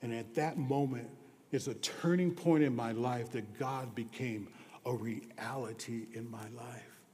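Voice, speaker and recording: A man preaching to his congregation with an unhurried, deliberate pace and a mellow, darker tone. His delivery swings from hushed confession to emphatic proclamation, and his voice rings out with the long reverb of a large church sanctuary. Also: medium pitch. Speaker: pastor. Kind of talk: sermon.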